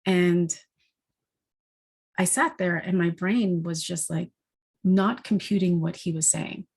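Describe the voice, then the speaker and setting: A woman sharing a personal story, halting and earnest, with frequent restarts and repeated words. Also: fairly low pitch, a little mellow, breathy edge. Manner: earnest and heartfelt.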